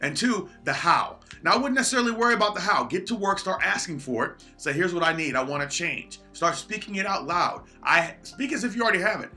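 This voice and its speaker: A man's voice: high voice, lively intonation, a little fast, few pauses, pushed and bright, faint music behind. A man giving an earnest motivational talk on a livestream, shifting his pace often. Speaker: motivational speaker.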